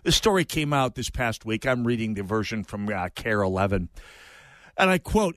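A man's voice: fairly low pitch, animated, moderate pace, a bit bright, no room sound. A middle-aged man hosting an opinion talk radio show, talking in a digressive way with sarcastic asides.

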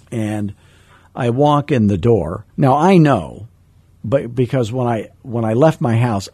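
Middle-aged male sales coach, husky and warm, animated storyteller who adds sound effects, dry close sound. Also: fairly low pitch, no room sound. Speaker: real estate sales coach. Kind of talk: storytelling teaching talk.

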